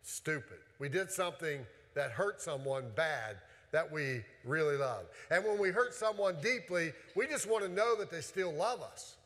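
A man preaches to his congregation in a folksy, conversational way, repeating himself as he goes. His voice sits a little high for a man. The sanctuary rings with a long, lingering reverb. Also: expressive, moderate pace, few pauses, fairly bright tone. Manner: conversational, folksy storytelling with repetitions. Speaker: pastor. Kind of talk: sermon. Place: church sanctuary.

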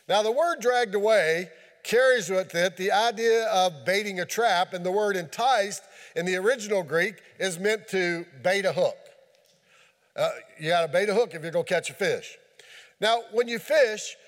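A man preaching a sermon in a folksy, animated storytelling way, mixing scripture with homely fishing talk and playful sound effects. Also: high voice. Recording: long hall reverb.

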